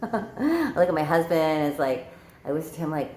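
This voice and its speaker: A woman's voice: low-pitched, fairly quick, a little mellow, a little hiss or hum. A woman sex coach telling a story casually to camera, chatty with many fillers and repeated words. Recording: echoey room.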